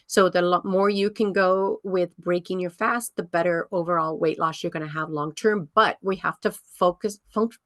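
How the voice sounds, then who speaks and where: A woman's voice: fairly low pitch, fairly even intonation, moderate pace, hardly any pauses, a bit bright, no room sound, clean studio sound. A woman over fifty, a health coach giving a casual workshop talk, chatty and rambling with many ums and restarts.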